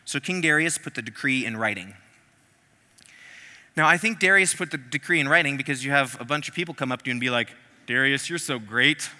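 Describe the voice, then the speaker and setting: A male preacher delivering a sermon in a large hall, animated and humorous, slipping into acted-out voices between scripture readings. His tone is very bright and ringing, and a long reverb trails behind him. His pitch sits in the middle range. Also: quick pace.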